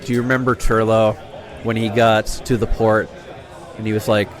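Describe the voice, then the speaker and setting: A man's voice: on the low side, flat delivery, moderate pace, soft background music. A man on a live panel who tells jokey anecdotes about his games and swears casually. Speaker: veteran dungeon master guest.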